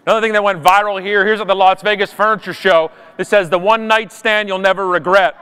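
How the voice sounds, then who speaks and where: A man giving an animated, jokey conference keynote from a stage. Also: high voice, fast talker, a little hiss or hum. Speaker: conference speaker. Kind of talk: keynote talk. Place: large conference hall. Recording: long hall reverb.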